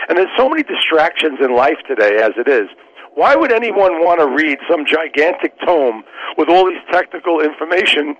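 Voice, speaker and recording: A man's voice: a little high, fairly bright tone. A man who works as a trial lawyer, a guest on a radio interview, explaining his points earnestly in persuasive, lawyerly terms. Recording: dull lo-fi radio sound.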